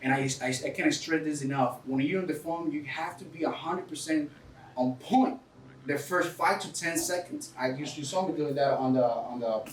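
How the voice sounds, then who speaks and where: A man's voice: on the high side, normal speed, reverberant, distant mic, slight background noise, rough recording. A man with a foreign accent, English not his first language, talking energetically in a casual interview and coaching listeners, often calling people dude and bro. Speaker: real estate investor guest.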